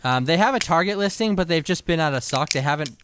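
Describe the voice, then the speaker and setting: A man co-hosting a podcast in casual chat, relaxed and wry, often restarting his sentences. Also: on the high side, fast talker, a little hiss or hum. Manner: relaxed, wry, self-correcting. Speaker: podcast co-host.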